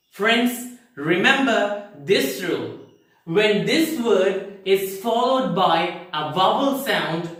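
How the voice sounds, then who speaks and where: A man's voice: high voice, fairly bright tone. A man teaching English pronunciation in an online lesson, who asks rhetorical questions and answers them himself with careful explanations. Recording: very echoey room, mic far off.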